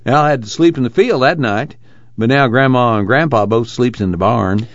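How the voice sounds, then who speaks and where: A man's voice: medium pitch, normal speed, dry recording, lo-fi sound, natural voice. A man voicing an older rural farmer father who rambles on in folksy dialect, the words tumbling out between chuckles. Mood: amused.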